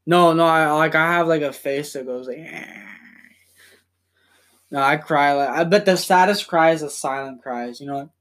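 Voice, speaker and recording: A young man hosting a casual podcast from home, rambling and swearing as he talks in quick bursts. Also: a little high, a bit bright. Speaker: podcast host.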